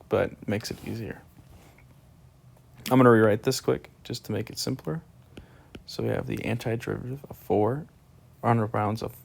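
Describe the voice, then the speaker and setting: A gravelly, mid-range male voice belongs to a math teacher giving a screen-recorded calculus lesson. He talks casually through each step as he writes, yawning and sounding half asleep.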